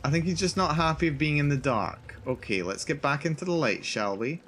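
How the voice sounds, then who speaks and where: A man's voice: a little high, a little fast, fairly bright tone. Jittery man narrating a horror game. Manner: jittery, repeats himself, narrates his own nerves. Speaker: VTuber streamer. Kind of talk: live horror gameplay commentary.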